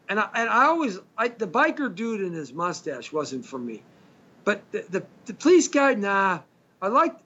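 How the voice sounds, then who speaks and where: A middle-aged or older man hosts a radio show from a studio, delivering a casual monologue that rambles and chats, with jokey asides. His voice is on the high side and a bit bright. The stream sounds slightly dull and lo-fi, with faint hiss.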